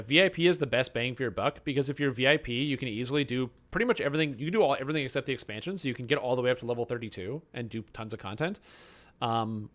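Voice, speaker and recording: A young man chats loosely while streaming a game. He answers his viewers with rambling asides and self-mocking jokes. His voice sits at an everyday middle pitch. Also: a bit bright. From Canada. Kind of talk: casual live-stream chat, answering chat.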